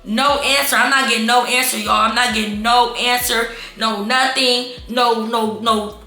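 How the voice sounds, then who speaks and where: A woman telling a storytime vlog to her viewers, animated and exasperated, calling them y'all. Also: on the high side, normal speed. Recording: echoey room with faint background music.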